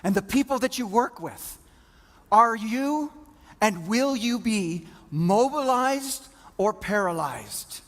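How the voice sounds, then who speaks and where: A middle-aged man giving a motivational keynote, telling a story with dramatic pauses. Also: high-pitched, animated, a bit bright. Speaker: keynote speaker.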